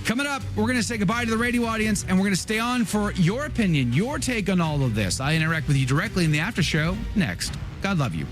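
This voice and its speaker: An upbeat male radio host with a fairly high voice and lively pitch moves through a sign-off and a promo. A music bed plays clearly beneath his voice. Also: quick pace, hardly any pauses. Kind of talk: radio show wrap-up and promo.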